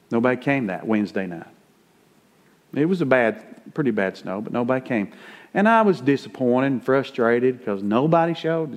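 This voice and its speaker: Folksy middle-aged preacher man. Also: mid-range voice. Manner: folksy, plain-spoken preaching with rising emphasis. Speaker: pastor. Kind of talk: conversational sermon.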